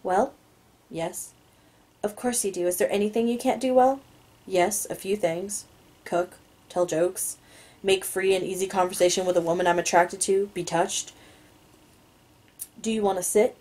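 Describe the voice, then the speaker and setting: Guarded rich young man, clipped and low , read by a woman in a mellow voice, for a read-aloud novel. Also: fairly even intonation, measured pace, long pauses, lightly acted. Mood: controlled.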